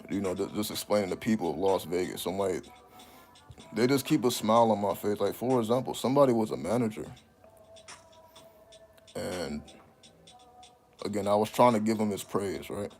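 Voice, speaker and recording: A man telling stories in a casual, profane monologue, breaking into high laughing exclamations. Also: moderate pace, pauses often, a little mellow, faint music behind. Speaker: channel host.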